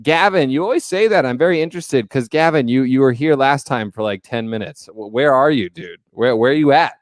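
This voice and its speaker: A man's voice: mid-range voice, lively intonation, fairly quick, dry recording, studio quality. A man hosting a casual livestream, chatty and joking as he greets viewers by name. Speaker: livestream host.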